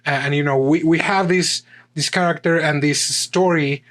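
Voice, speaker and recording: A man's voice: fairly high pitch, steady tone, moderate pace, fairly bright tone. A man co-hosting a podcast, speaking hesitantly with stammered restarts. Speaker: podcast co-host. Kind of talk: casual chat.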